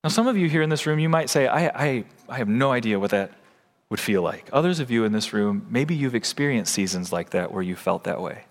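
A man's voice: mid-range voice, expressive, brisk, long reverb tail. A man preaching a sermon in a church, earnest and posing questions to the congregation. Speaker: pastor. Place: church sanctuary.

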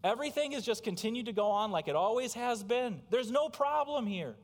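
In a church sanctuary, a pastor with an extremely high, expressive voice preaches briskly, speaking emphatically and putting direct questions to his congregation. Long hall reverb fills the recording.

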